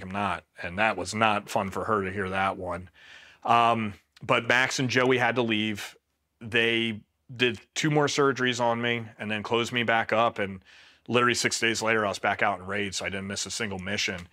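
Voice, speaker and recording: A middle-aged man from Pennsylvania, a Marine veteran, telling war stories in a casual, deadpan way and quoting himself flatly. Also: lowish voice. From Pennsylvania, USA. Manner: laid-back, deadpan, quotes himself flatly. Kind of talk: casual storytelling interview.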